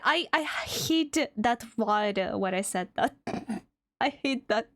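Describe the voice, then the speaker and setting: A woman's voice: fairly high pitch, moderate pace, fairly bright tone, no room sound, clean studio sound. A young woman with a Russian accent, a VTuber chatting casually on a livestream, reading chat aloud and laughing often. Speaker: VTuber streamer.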